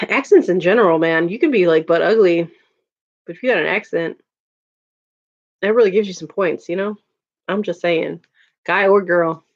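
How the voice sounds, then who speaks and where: A woman's voice: lowish voice, normal speed, long pauses, lo-fi sound. Giggly woman chatting on a stream. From Chicago, USA. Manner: giggly, laughs often, chatty filler words. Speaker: livestream host. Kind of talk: casual chat reading viewer comments.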